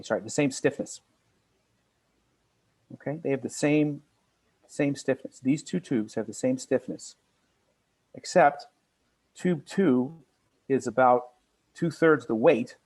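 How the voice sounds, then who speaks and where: Older guy teaching engineering class, mid-pitch, keeps restarting and fixing himself. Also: a little mellow. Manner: halting, self-correcting, pointing at diagrams. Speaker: lecturer. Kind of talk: classroom lecture on materials.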